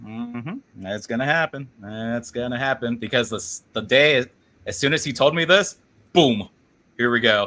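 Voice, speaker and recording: A male co-host with a mid-range pitch and a forceful, bright edge to his voice. He jokes around through casual banter and laughs along easily. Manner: jokey, quick to laugh along. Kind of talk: casual chat.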